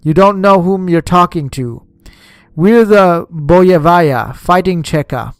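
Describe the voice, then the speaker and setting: A man reading an audiobook voices a gruff, bullying Cheka commissar who shouts threats and curses. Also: fairly high pitch, normal speed, no room sound, studio quality, close to an everyday voice. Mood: furious.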